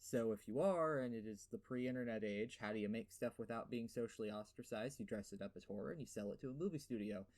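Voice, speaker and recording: A man's voice: lowish voice, quick pace, few pauses, a little mellow. A young man with a lisp giving a sarcastic, profane game review voiceover, full of fillers and rants. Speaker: gaming video host.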